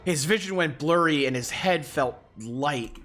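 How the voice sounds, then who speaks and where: A game streamer reading game text aloud and reacting with loud, swearing outbursts. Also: medium pitch, a little slow, soft background music.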